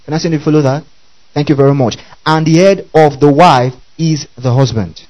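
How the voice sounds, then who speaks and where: A man's voice: fairly high pitch, moderate pace, darkish tone, rough recording. A man preaching a Bible-teaching sermon, often asking the congregation whether they follow. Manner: keeps checking the audience follows, repeating questions.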